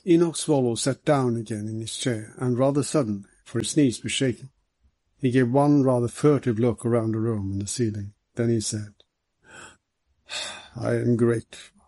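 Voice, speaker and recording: Male audiobook narrator, measured and steady, husky with a dark tone. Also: mid-range voice. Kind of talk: scripted narration of a detective novel.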